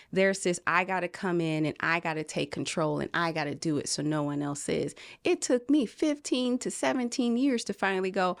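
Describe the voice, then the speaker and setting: A woman from California talking earnestly as a podcast guest, animated and quoting people in different voices. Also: fairly low pitch, dry recording, studio quality. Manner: earnest, animated storytelling, quotes others in voices. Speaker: podcast guest, film producer. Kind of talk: casual conversation.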